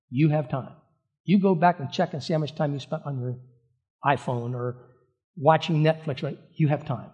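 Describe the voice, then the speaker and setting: A man's voice: on the high side, darkish tone. A middle-aged man, a pastor, preaching in a church in an earnest, conversational way with emphatic repetition. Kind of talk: sermon. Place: church sanctuary.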